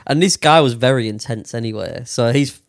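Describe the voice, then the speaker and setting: A man's voice: medium pitch, fairly quick, creaky, dry recording, clean studio sound. A young man casually telling a long story on a podcast, with lots of swearing and fillers. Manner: swears a lot, rambling with many fillers. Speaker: podcast co-host.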